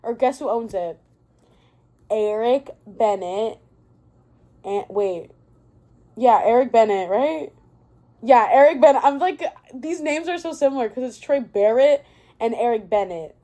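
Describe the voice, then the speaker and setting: A young woman with a slightly high, mellow voice rants casually about a favorite book. She talks in an excitable, rambling way, losing her thread and doubling back to fix the order of events. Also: measured pace, long pauses. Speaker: book vlogger.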